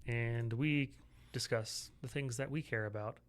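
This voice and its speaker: A man's voice: medium pitch, unhurried, smooth. Sarcastic man co-hosting a podcast. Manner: sarcastic, joking. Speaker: podcast co-host. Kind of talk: casual political chat.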